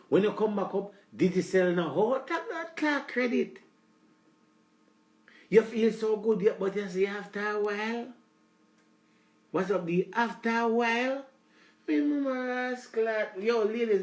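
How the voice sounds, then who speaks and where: A man's voice: high voice, reverberant. Jamaican man ranting on a live stream. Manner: preachy, lecturing, repeats "let me tell you something". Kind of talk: rambling live-stream rant.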